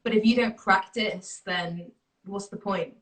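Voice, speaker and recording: A woman's voice: mid-range voice, measured pace. A young woman hosting a casual livestream, chatty and encouraging, with a thin, distant phone-stream sound. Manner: encouraging, chatty, giggly asides. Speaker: livestream host. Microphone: phone on a video livestream.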